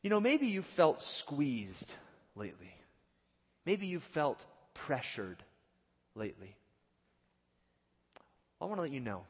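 Preaching man in a reverberant hall. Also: on the low side. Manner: dramatic swings from loud to hushed, acts out quotes. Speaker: pastor. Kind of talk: sermon.

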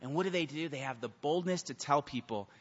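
A man preaching a sermon as pastor, animated and acting out the voices of characters in his stories. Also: fairly high pitch, brisk, breathy edge. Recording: long hall reverb, dull lo-fi sound.

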